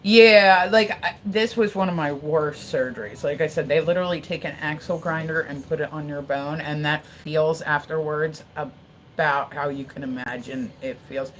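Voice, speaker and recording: A woman's voice: deep voice, normal speed, slight background noise, low-quality recording. A woman in her forties telling a long story on a livestream in a casual, rambling way. She swears freely, leans on "like" constantly, and breaks off to thank viewers. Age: 40s. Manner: chats to viewers between stories.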